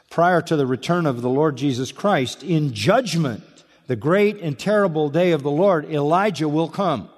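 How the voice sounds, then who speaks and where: A man's voice: a little high, moderate pace. A man preaching an expository sermon, emphatic and repetitive, firing off rhetorical questions to his listeners. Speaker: pastor. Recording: long hall reverb.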